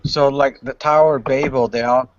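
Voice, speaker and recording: A man's voice: medium pitch, steady tone, moderate pace, a little hiss or hum. A man bantering and teasing in casual joking chat on a live stream. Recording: dull lo-fi stream mic.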